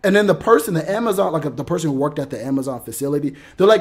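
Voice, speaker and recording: A man telling a story in an animated rant, acting out what people said and swinging between loud outbursts and mumbling asides. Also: fairly high pitch, racing, slightly rough. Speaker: motivational podcaster.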